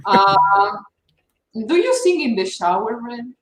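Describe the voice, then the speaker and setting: A woman's voice: a little high, sing-song, slow pace, roomy sound. A woman co-hosting a casual livestream interview, giggly and bubbly as she reads questions. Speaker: co-host.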